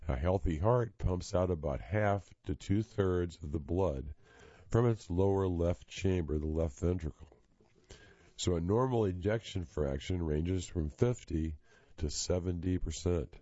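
A hoarse man with a very low voice reads articles aloud in a steady, plain way, now and then stumbling on a filler. His tone is dark and mellow, and the sound is dry and a little dull. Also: no echo. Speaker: reading service volunteer reader. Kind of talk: reading articles aloud for radio.

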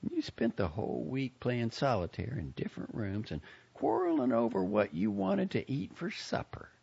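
A man's voice: medium pitch, wildly swooping pitch, moderate pace, creaky, warm tone, husky, lo-fi sound, voice pushed up, exaggerated voice. A man voicing a teasing, wry seventeen-year-old girl.

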